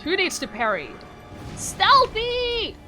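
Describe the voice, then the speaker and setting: Woman game streamer, high and animated, playful and teasing, chats to her viewers and laughs a lot, faint music underneath. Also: moderate pace. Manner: playful and teasing, laughs often, yelps when hit. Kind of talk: live game stream commentary, reading chat aloud. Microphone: microphone in front of her face.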